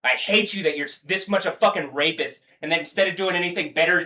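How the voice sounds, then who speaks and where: A man's voice: fairly high pitch, fast, few pauses, pushed and bright. A man hosting a livestream, delivering a heated, profane, repetitive tirade. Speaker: livestream host. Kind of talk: angry livestream rant.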